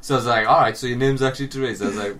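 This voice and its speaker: A young podcast co-host tells a long, embarrassing story, swearing and laughing throughout and dropping his voice for quoted lines. He speaks rapid-fire in a medium-pitched, fairly bright voice with a steady tone. He is recorded from a distance, with a little hiss or hum.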